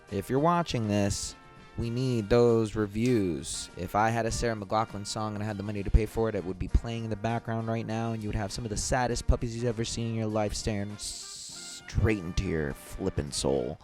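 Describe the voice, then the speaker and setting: A man hosting a casual podcast clip show, talking in a loose, rambling way. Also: on the low side. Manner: loose, rambling, pleading asides. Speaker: podcast host.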